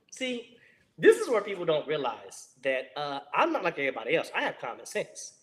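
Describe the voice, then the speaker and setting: A man in his forties, a former Marine guest, telling a war story in casual, profane, animated fashion with frequent laughter. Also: sits high, a little fast.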